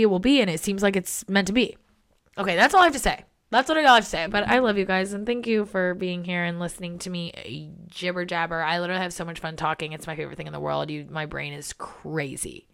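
A young woman hosting a casual solo podcast, chatty and excitable, swearing freely and filling her talk with "like". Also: fairly low pitch, creaky. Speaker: podcast host.

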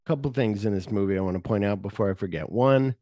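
A man's voice: fairly low pitch, fast talker, mellow, no room sound, studio quality. A man hosting a podcast, casually recapping film scenes and acting out the characters' lines. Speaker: podcast host. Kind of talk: casual movie discussion.

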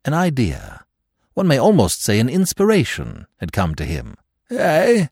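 A man reading a classic novel aloud as the narrator in an expressive storytelling manner. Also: mid-range voice, normal speed, slightly rough, no room sound, studio quality. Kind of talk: scripted audiobook narration.

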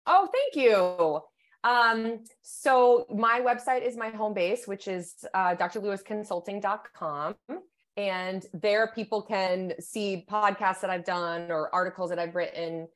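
A woman's voice: medium pitch, unhurried. A woman, a sports psychologist, explaining her ideas thoughtfully in a podcast interview, often checking in with "right?" and "you know".

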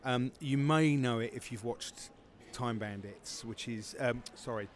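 A man's voice: medium pitch, measured pace. Man, film festival founder, rambling, lots of fillers, faint noise behind. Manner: rambling, many fillers and restarts. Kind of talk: casual interview answers.

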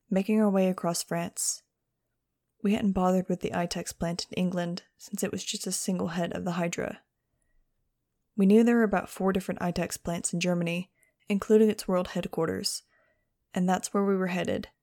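A woman's voice: on the low side, dark tone. A woman narrating a first-person audiobook in a dry, sardonic manner.

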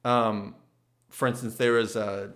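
A man's voice: lowish voice, flat delivery, a little slow, a bit bright. A man talking in a casual, reflective monologue, earnest and thinking aloud, with frequent restarts.

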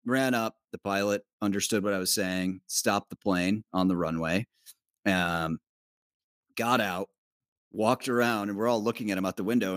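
A man's voice: low voice, a bit bright, no echo, clean studio sound. A man, a documentary producer guest, telling a loose travel story with fillers and swearing. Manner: loose, profane, many fillers. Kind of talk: casual storytelling chat.

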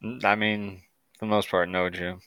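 A man co-hosting a casual sports chat, relaxed and quick to laugh. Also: on the low side, clear, resonant tone, dry recording. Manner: laid-back, laughs often. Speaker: podcast co-host.

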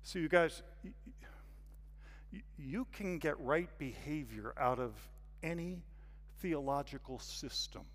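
Animated guest preacher in a hall. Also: male voice, on the high side, takes it slowly. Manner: animated, confessional, swings from hushed to loud. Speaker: guest speaker. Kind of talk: sermon storytelling. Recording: long reverb of a hall.

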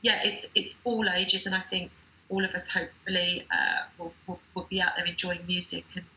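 A woman speaks with a bright, forward tone as an interview guest. She talks eagerly, piling up details. The room around her sounds echoey. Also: on the low side, flat delivery, moderate pace, a little hiss or hum. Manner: enthusiastic, listing details. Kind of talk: casual interview chat.

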